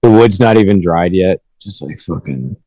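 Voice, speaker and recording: A man's voice: sits low, lively intonation, moderate pace, warm tone, no room sound, rough recording. A man hosting a podcast, telling rambling, profane stories about his pranks in a casual chat. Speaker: podcast host.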